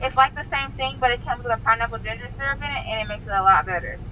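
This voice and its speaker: Woman drive-thru worker, quick and high, heard through a muffled speaker with faint noise. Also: pushed and bright. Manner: polite, brisk order-taking. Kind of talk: customer service ordering.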